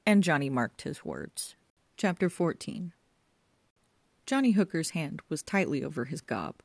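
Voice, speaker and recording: Woman narrator, audiobook, wry measured delivery, low voice, dry close sound. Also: big pitch swings, gravelly, husky, dry recording. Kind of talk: scripted narration.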